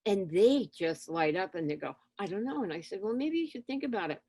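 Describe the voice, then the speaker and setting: A woman guest in an interview, telling stories in a lively conversational way and acting out exchanges with children. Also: medium pitch, a little fast, no room sound. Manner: animated, acts out dialogue with children. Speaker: interview guest, spiritual teacher. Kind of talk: conversational storytelling.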